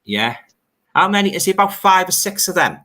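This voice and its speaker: Bright-voiced older Scouse man, chatty. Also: sits high, sing-song, fairly quick. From Liverpool. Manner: chatty, repeats phrases and fillers. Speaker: livestream host. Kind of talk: casual chat reading viewer comments.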